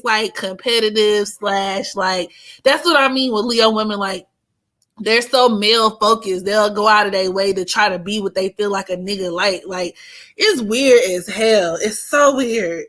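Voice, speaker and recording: A young woman hosting an astrology channel, telling stories in blunt, profane, animated casual chat. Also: medium pitch, measured pace.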